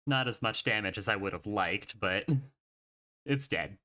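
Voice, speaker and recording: A man's voice: lowish voice, expressive, normal speed, sharp tone. A man playing a tabletop game, giggly and wavering over his choices. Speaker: player.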